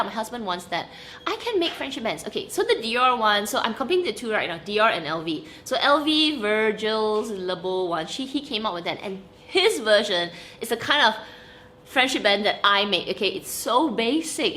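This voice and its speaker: Bright-voiced animated woman vlogger. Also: mid-range voice, slight background noise. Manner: animated, emphatic, frequent laughs and "okay?". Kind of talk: casual chat to camera.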